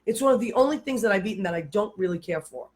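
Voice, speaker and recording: A woman's voice: medium pitch, animated, fast, a crowd in the background. Chatty American-style woman host, stammering. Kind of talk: casual chat.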